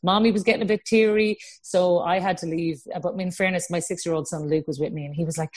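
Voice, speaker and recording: Cork Irish woman in her thirties, lively casual interview guest, a touch low-voiced. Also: fast. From Ireland. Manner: chatty, lively storyteller acting out quotes. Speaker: sports broadcaster, interview guest.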